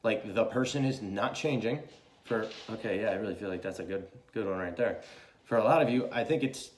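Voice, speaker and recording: A man's voice: fairly low pitch, fairly quick, reverberant, a little hiss or hum. A young man giving a casual, chatty tarot reading, swearing freely and talking loosely. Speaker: tarot reader.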